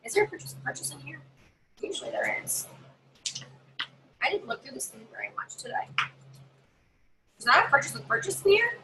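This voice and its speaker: A woman giving chatty, animated tips as a direct sales consultant in a casual live video. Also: brisk, long pauses, heavy background noise. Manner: chatty, animated, acts out customers in higher voices.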